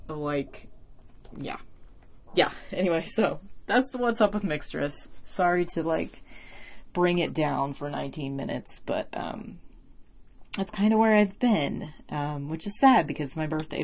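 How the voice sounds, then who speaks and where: A woman's voice: low-pitched, breathy edge. A young woman hosting a solo podcast, talking casually and emotionally with many fillers, close to tears. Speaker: podcast host.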